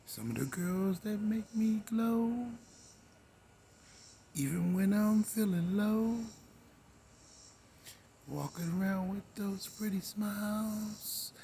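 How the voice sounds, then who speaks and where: This middle-aged Maryland man hosting his own show has a high but dark-toned voice, slow and full of vocal fry and long pauses. He drawls through a rambling monologue, humming and dropping to whispers, with a slight hiss or hum behind him.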